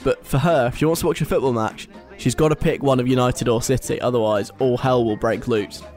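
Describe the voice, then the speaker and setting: A man's voice: mid-range voice, steady tone, brisk, darkish tone, faint music behind. A young British man hosting a radio show, reading a list aloud and mocking it in a chatty, wry way. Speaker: radio host. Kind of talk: casual radio talk.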